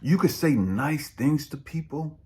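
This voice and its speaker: Blunt preachy man, lively pitch. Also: measured pace. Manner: preachy and blunt, swings between loud and hushed. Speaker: spiritual coach. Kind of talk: motivational talk.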